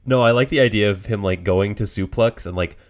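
A man's voice: lowish voice, fairly quick. A man co-hosting a casual podcast, making dry, laid-back remarks with small chuckles. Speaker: podcast co-host. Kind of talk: casual chat.

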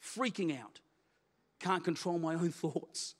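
A middle-aged pastor gives a personal testimony sermon, telling his own story in an animated, candid and self-deprecating way. He speaks slowly in a voice a little high for a man, and a long reverb trails after him as in a big church hall.

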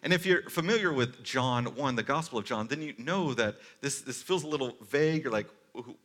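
Bright-voiced man preaching a casual sermon. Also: mid-range voice, a little fast. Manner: conversational, animated preaching with casual asides. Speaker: pastor.

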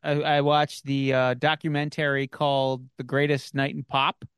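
A man's voice: mid-range voice, flat delivery, normal speed, a bit bright, clean tone, no echo. Man, podcast host, casual chat, rambling, lots of fillers, dry close mic. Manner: rambling storytelling with many fillers and restarts.

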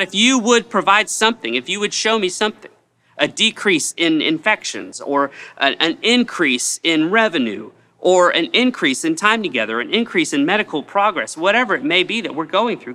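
A male pastor delivers a sermon in a somewhat high, bright and forceful voice. He speaks earnestly, stacking repeated phrases to drive each point home. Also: lively intonation, moderate pace.

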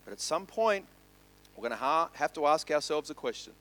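A man preaches a sermon with great animation. His voice leaps around in pitch and sits a little high for a man. He moves between loud bursts and quiet, hushed lines. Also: animated, a little fast, rough recording. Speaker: pastor.

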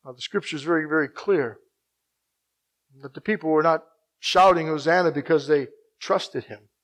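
A man with a fairly high voice preaches a sermon, shifting between hushed, slow passages and loud, emphatic ones and repeating phrases for emphasis. The audio quality is poor.

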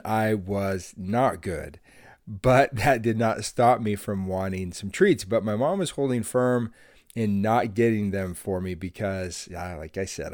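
A man's voice: lowish voice, a little mellow, no echo, clean studio sound. A middle-aged man hosting a devotional podcast, telling a childhood story in an earnest, friendly way with an occasional laugh. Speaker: podcast host.

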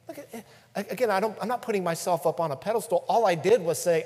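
A man preaching a sermon, dropping to hushed tones and rising to loud emphasis. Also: sits high, fast talker, breathy edge, in a large hall. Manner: preaching with dramatic swings between hushed and loud. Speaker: pastor.

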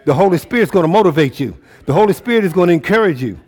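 A male pastor preaching a sermon, calling out to the congregation and swinging between shouts and low murmurs. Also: expressive, racing, breathy edge, long reverb tail. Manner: preaching with call-and-response, rising and falling intensity.

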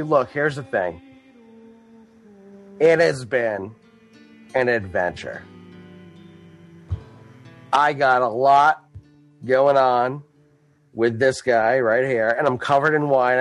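A man's voice: mid-range voice, voice pushed down, natural voice. A man voicing a swaggering, foul-mouthed male bard in a tabletop game, talking in a theatrical, exasperated drawl.

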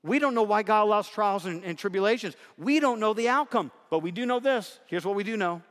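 A man's voice: sits high, lively intonation, brisk. A man preaching a sermon, talking conversationally and building to emphatic repeated lines. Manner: conversational preaching, shifts between soft asides and emphatic repetition. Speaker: pastor. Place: church sanctuary. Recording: reverberant hall.

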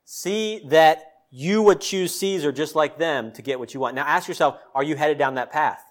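A male pastor preaching a sermon, emphatic, with loud peaks and pointed questions to the congregation. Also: a little high, normal speed.

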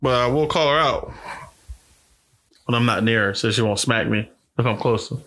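A young man hosting a podcast, telling stories in animated, profane casual chat with frequent restarts. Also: medium pitch, moderate pace. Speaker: podcast host.

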